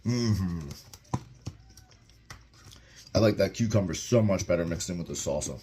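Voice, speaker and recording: A young man with a very low, deep voice talks in an upbeat, rambling way as he tastes and reviews food in his home kitchen. He sits close to a camera mic, with a faint hiss of noise behind him. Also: lively intonation, measured pace, long pauses, mellow. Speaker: vlogger reviewing a meal. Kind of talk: casual vlog chat. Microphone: camera mic, propped-up phone without tripod.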